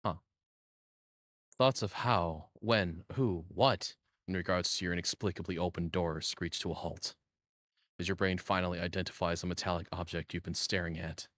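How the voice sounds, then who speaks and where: A man's voice: deep voice, fairly even intonation, moderate pace, fairly bright tone, no room sound, studio quality. A man live-streaming a game, reading its second-person story text aloud and breaking off to swear and joke with his chat. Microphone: condenser mic on a boom arm. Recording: game music playing underneath. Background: game music.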